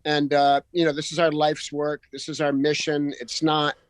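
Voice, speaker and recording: A male musician appears as a guest on a casual radio interview in a radio studio, speaking earnestly and passionately as he piles phrase upon phrase. His voice is on the high side, delivered completely flat at a moderate pace. The studio microphone recording is dry and the audio poor.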